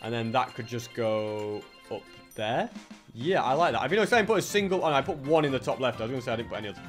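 A young man giving casual gameplay commentary, chatty and excitable, thinking aloud as he plays. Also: mid-range voice, quick pace, soft background music. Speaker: gaming channel host.

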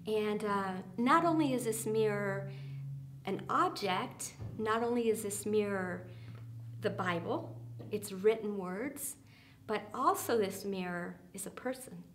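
A woman leading a church small group, speaking earnestly with many fillers and often dropping soft and quiet for emphasis. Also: mid-range voice, slow pace, slight background noise.

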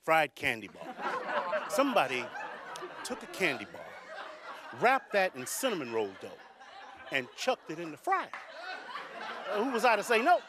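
A man's voice: a little high, measured pace, pauses often, crowd noise, background noise. A man performing a stand-up comedy routine, telling stories with jokey asides. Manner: animated storytelling with jokey asides. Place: comedy stage with live audience. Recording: live comedy club audio with laughter.

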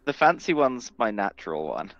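A man's voice: lowish voice, very animated, moderate pace, a bit bright, no room sound, dull audio. A man with a southern English accent, chatting casually while gaming, dry and self-deprecating. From southern England.

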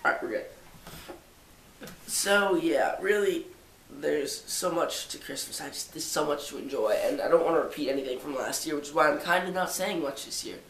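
A man's voice: a little high, moderate pace, a bit bright, echoey room, far from the mic, a little hiss or hum. Stuffy-nosed teen boy vlogging. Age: 17, teenager. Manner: rambling, jokey, self-mocking asides. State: stuffy nose. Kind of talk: casual holiday vlog. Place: living room by a tall Christmas tree.

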